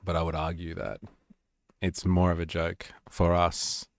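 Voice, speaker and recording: A man's voice: low voice, completely flat delivery, measured pace, vocal fry, no echo. A man with an Australian accent hosting a live stream, talking casually with sarcasm and plenty of swearing. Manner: sarcastic, swears freely, rambling.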